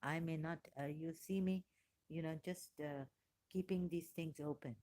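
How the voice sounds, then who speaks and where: A woman's voice: deep voice, fairly even intonation, normal speed, warm tone. A woman vlogging in a rambling personal monologue, hesitant and full of fillers and restarts, with emotional exclamations.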